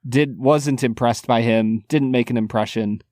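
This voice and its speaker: A man's voice: mid-range voice, unhurried, a little mellow, no room sound. A man on a film podcast talks casually, teasing his co-host and laughing often. His medium voice is recorded close and dry, with no room sound.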